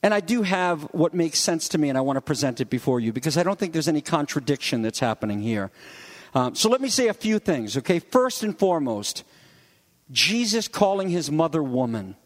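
Male pastor, conversational sermon, slightly high voice, animated delivery. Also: fairly quick, big-room sound.

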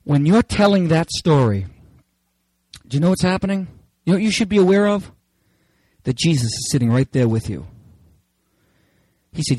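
A male pastor delivers a sermon with fervor. His voice sits a little high and leaps into shouted exclamations, then drops to quiet, intimate asides. The recording is dry and close. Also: animated, moderate pace, pauses often, no room sound, rough recording. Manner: impassioned preaching with sudden shouts and hushed asides.

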